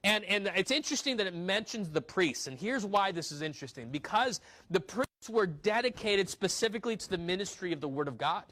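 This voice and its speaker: A man's voice: sits high, animated, a little fast, sharp tone. Conversational man preaching from the pulpit. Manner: conversational Bible teaching with asides and rhetorical questions. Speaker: pastor. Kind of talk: sermon.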